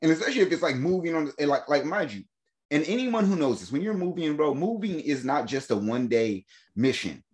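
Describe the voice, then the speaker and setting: A man telling a long story in casual podcast chat, animated and slangy, laughing often and acting out the voices of the people in it. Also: a little high, a little fast. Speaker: podcast host.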